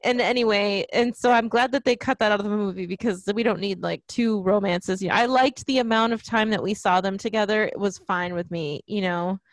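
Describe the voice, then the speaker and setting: A woman's voice: medium pitch, brisk, few pauses, dry recording. A young woman in casual chat about a film, chatty and laughing at her own jokes.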